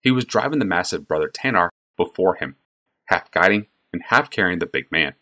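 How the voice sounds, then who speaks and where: A man narrates a fantasy novel with an expressive, storytelling delivery. His voice is deep, and his pitch moves lively through the action. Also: a little fast. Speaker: audiobook narrator. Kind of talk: scripted narration.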